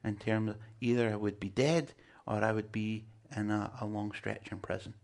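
A man's voice: fairly low pitch, flat delivery, moderate pace, gravelly, a little mellow. A man preaching a sermon, emphatic and joking with his listeners. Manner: emphatic, humorous asides to the congregation.

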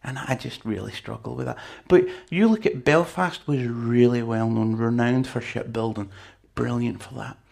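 Male preacher, conversational sermon delivery, husky with gravel. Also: medium pitch, moderate pace, hardly any pauses, darkish tone. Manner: conversational, chatty with asides to the congregation.

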